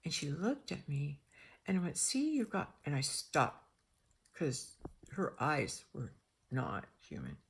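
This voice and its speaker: An older woman telling a personal story in a rambling, animated way, acting out the dialogue. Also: low-pitched, slow, husky. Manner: rambling, animated, acts out dialogue in shifting voices.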